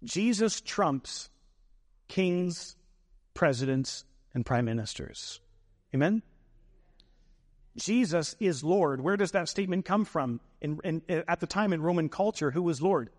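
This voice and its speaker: Male pastor, sermon, emphatic, repeats phrases, slightly high voice, long hall reverb. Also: measured pace.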